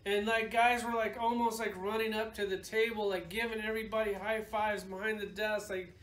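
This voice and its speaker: A man's voice: high voice, level tone, a little fast, fairly bright tone, reverberant. A man reviewing action figures in casual, rambling chat, with a sarcastic, joking manner. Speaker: toy reviewer.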